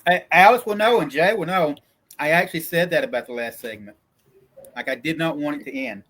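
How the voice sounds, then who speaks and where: A man with a Southern Kentucky accent, an indie filmmaker, hosts a laid-back talk on filmmaking, rambling in bursts and restarting his sentences with frequent stammers. His voice is a little high and fairly bright, and he talks briskly.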